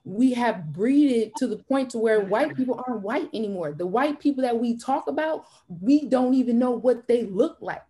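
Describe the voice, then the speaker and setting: A woman's voice: fairly high pitch, lively intonation, moderate pace, few pauses, dark tone. A woman on a panel discussion, making her case passionately in declarative statements.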